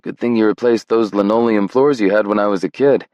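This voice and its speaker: A man voicing a gentle, wry young man who speaks softly and coaxingly. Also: lowish voice, a little fast, no echo, lo-fi sound, natural voice. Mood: giddy.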